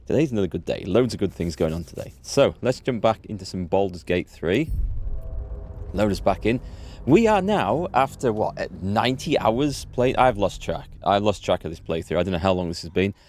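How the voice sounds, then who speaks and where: A man's voice: on the low side, expressive, normal speed, darkish tone, slight background noise. A man streaming a game live from indoors at home, chatting in an upbeat way and thinking aloud as he plays. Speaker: gaming streamer.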